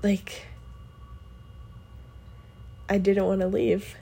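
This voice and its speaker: A woman telling a personal story in a casual podcast. Her voice is mellow and dark at a mid pitch. She rambles with lots of fillers and lifts her voice when she acts out what others said. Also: level tone, drawn-out words, gravelly, husky. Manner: chatty, lots of fillers, acts out quotes with a raised voice. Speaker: podcast host.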